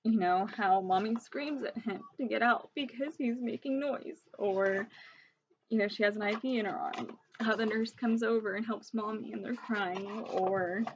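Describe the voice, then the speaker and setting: A woman's voice: medium pitch, moderate pace, lo-fi sound, background noise. A young woman vlogging from home, talking emphatically and emotionally as she urges viewers and shares her own experience. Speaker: vlogger sharing pregnancy illness resources. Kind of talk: earnest direct-to-camera vlog talk.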